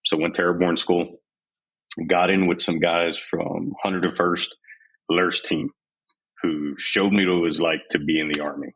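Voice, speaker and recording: A man from Texas with an exceptionally deep, low-pitched voice and a husky, slightly rough grain, in his forties. He speaks as a podcast guest and talks frankly and openly, acting out earlier moments by quoting the people in them. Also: fairly even intonation, unhurried, a bit bright, low-quality recording. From San Antonio, Texas, USA. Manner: frank, unguarded, retells scenes in quoted voices. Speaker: podcast guest, army veteran. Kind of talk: candid storytelling interview.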